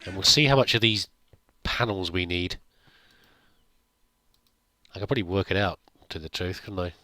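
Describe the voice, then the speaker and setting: A man's voice: low-pitched, normal speed, pushed and bright. A man giving casual gameplay commentary, chatting to himself and laughing at his own mistakes. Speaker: gameplay video host.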